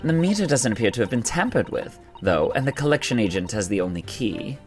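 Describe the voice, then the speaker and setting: A man's voice: medium pitch, big pitch swings, a little fast, soft background music, lightly acted. A man voicing a prim, condescending upper-class lady for a game. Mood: haughty. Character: haughty upper-class lady, company owner's wife.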